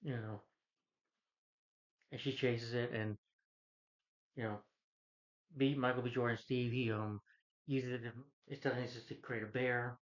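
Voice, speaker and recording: A man's voice: medium pitch, fairly even intonation, a little slow, pauses often. A man giving a casual, rambling plot recap as a movie reviewer, with many restarts and "you know" fillers. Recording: dull lo-fi recording.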